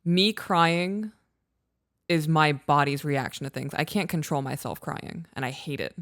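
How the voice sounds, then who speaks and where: A woman's voice: low voice, unhurried, fairly bright tone, dry recording, studio quality. A woman co-hosting a relationship podcast, speaking earnestly and reflectively about her feelings in casual conversation. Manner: earnest, reflective, frequent short affirmations. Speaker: podcast co-host.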